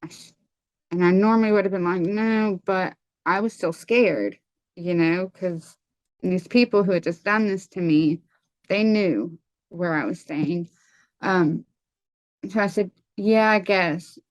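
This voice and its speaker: A woman telling a personal testimony in a casual, halting way, with many fillers and restarts. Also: fairly low pitch, steady tone, dry recording, dull audio. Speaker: testimony guest.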